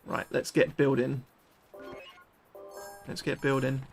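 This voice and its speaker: A British man livestreaming a game, chatting excitably with his viewers and swearing freely. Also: mid-range voice, slow, vocal fry, soft background music. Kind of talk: live gameplay commentary chatting with viewers.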